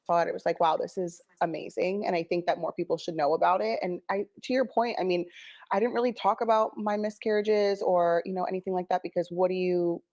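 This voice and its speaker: A woman hosts a conversational interview, with a lower-pitched voice for a woman. She affirms her guest and asks follow-up questions in an easy, sympathetic way. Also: steady tone, a little fast, darkish tone. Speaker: interview host.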